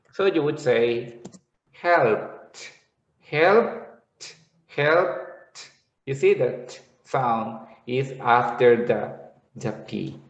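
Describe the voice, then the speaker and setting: A man gives a slow, unhurried pronunciation lesson, stopping to model single sounds again and again. His voice sits in a mid register and carries a roomy echo. The audio is a little dull and lo-fi. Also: mid-range voice, distant mic. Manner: patient, repetitive explaining with drawn-out sound demonstrations. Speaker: English pronunciation teacher. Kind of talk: classroom-style lesson explanation. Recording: echoey room, slightly dull lo-fi sound.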